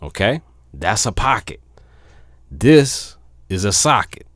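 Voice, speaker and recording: A man, a DJ talking casually to his viewers, filling pauses with "um", then turning animated and emphatic. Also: fairly low pitch, faint music behind. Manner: laid-back with many fillers, then animated and emphatic. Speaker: DJ and vlogger. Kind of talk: casual talk to camera.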